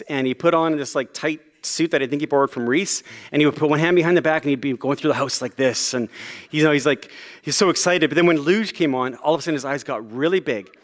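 A pastor preaching in a relaxed, conversational way, self-deprecating and full of fillers. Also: male voice, a little high. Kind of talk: sermon.

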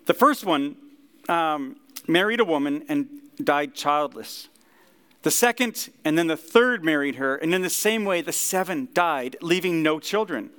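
A man giving a relaxed, conversational sermon as pastor, talking easily with plenty of fillers. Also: fairly high pitch. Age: 30s or older. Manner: relaxed, chatty, many fillers. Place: church service.

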